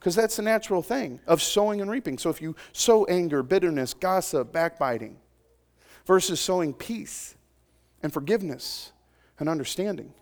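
Animated higher-voiced man preaching. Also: normal speed. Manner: animated, dramatic swings from loud emphasis to soft intimate asides; conversational, jokes with congregation. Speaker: pastor. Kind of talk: sermon.

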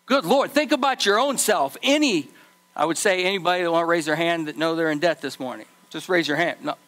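A man preaching a sermon as pastor, animated, acting out the people in his story. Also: a little high, fairly quick.

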